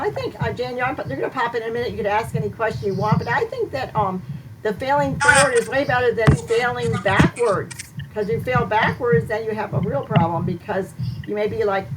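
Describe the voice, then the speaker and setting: A lively woman co-host who laughs often and slips into earnest faith talk. Her voice is slightly high for a woman. It sounds far from the mic, with loud noise under it. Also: a little fast. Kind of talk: casual interview chat. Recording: distant, noisy call audio.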